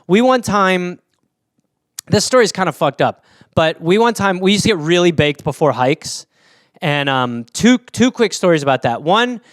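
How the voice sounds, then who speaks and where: A man's voice: fairly high pitch, clear, resonant tone, no room sound, studio quality. A man hosting a casual solo podcast, rambling through anecdotes with plenty of swearing. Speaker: podcast host.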